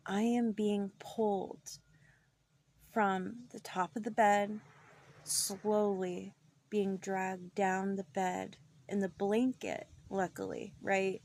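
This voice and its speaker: A woman's voice: medium pitch, little pitch movement, slow pace, gravelly, darkish tone, soft background music. A woman casually telling a true paranormal story from her childhood, chatty and dropping into whispers for suspense. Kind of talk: casual first-person storytelling.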